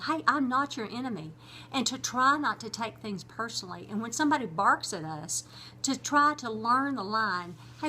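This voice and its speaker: A woman's voice: on the high side, pushed and bright, slight background noise. A middle-aged woman, hosting her own vlog and talking about relationships in an earnest, conversational, teaching way. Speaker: host. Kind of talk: casual vlog talk on relationships.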